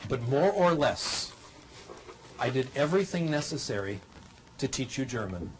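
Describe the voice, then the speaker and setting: A man's voice: mid-range voice, lively intonation, moderate pace, slight background noise, poor audio. An older man lecturing to a studio audience in a dry, humorous way, teaching by demonstration.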